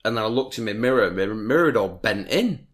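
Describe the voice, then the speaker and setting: A man with a fairly low voice hosts a casual podcast chat. He tells a long rambling story, swears freely and breaks into laughs. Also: expressive, fairly quick. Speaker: podcast host.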